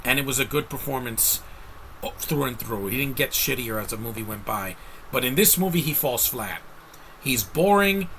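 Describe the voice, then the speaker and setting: A man's voice: mid-range voice, animated, normal speed, fairly bright tone, slight background noise, poor audio. A man giving a casual, rambling movie review rant, blunt and exasperated, with frequent restarts.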